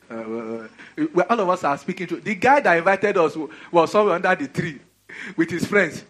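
A Nigerian man preaching a sermon in an animated, conversational way, full of rhetorical questions. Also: a little high, a little fast.

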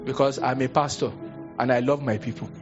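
A young Nigerian man preaching a sermon as pastor, telling a story with acted-out voices and sudden high exclamations. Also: steady tone, a little fast, highs cut off, over music. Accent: Nigerian, Yoruba-speaking. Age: young adult.

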